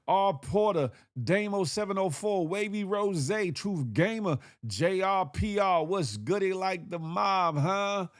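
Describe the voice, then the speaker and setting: A man with a fairly high voice hosting a casual livestream. He talks in slang, greets his viewers one by one and keeps repeating himself with a questioning "huh?". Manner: shouting out viewers by name, slangy; animated, repeats phrases, says "huh?" often. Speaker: livestream host.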